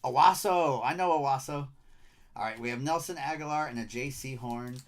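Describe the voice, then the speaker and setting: A man's voice: mid-range voice, normal speed. Chatty middle-aged man with Michigan accent. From Michigan, USA. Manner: upbeat, chatty, rattles off player names. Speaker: card break streamer. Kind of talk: casual live-stream patter.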